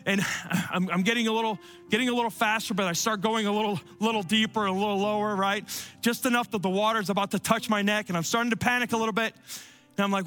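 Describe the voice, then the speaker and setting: A man preaching a sermon and telling a personal story, often dropping to soft, low tones for emphasis. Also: fairly even intonation, fast talker, faint music behind. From Cuban family. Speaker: pastor.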